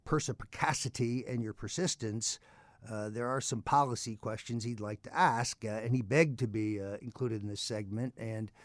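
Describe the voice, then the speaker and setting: A male talk radio host introduces his guests and asks long, winding questions, stalling often on uh's. His mid-pitched voice is recorded close and dry, with no room sound. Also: no room sound. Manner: halting, full of uh's, with grand introductions.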